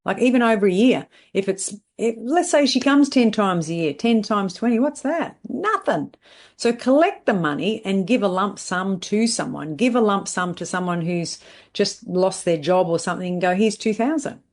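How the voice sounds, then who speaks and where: Speaking at normal speed in a mid-range, slightly mellow voice, a middle-aged woman delivers a podcast monologue coaching salon owners. Her style is emphatic and blunt, leaning on catchphrases and a habitual "right?".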